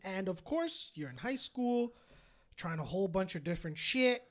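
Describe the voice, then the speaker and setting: A young man co-hosting a casual podcast, telling stories with lively acted quotes. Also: sits high, moderate pace. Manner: animated storyteller, bursts of laughter and acted quotes. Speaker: podcast co-host. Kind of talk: casual chat.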